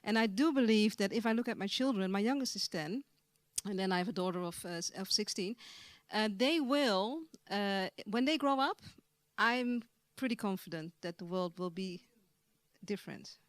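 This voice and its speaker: A woman's voice: medium pitch, moderate pace, dry recording. A woman speaking on a conference panel in a mid-range voice. She talks hesitantly, circling back over her words with plenty of fillers. The recording is dry and close. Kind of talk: panel discussion. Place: conference stage.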